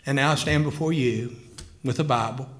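A man's voice: mid-range voice, normal speed. A middle-aged man, preaching and telling his testimony in an earnest, emotional way. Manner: earnest, emotional storytelling with rising fervor. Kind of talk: sermon testimony.

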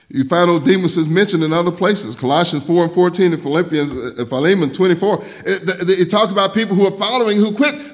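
A middle-aged male pastor preaching a sermon, telling stories in a folksy way, laughing between lines and swinging from loud to hushed. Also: sits high, brisk, hardly any pauses. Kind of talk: sermon with storytelling.

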